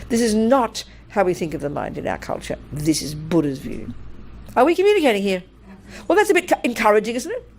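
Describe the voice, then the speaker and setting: An older woman, a Buddhist nun, giving a dharma talk in a blunt, animated way and laughing through her stories. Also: mid-range voice.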